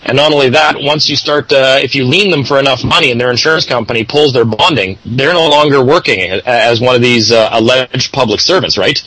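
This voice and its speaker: Bright-voiced man hosting a talk show. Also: mid-range voice, brisk, few pauses, slightly rough, dry recording, poor audio. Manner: lecturing, advising listeners at length. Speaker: show host. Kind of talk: casual talk show discussion.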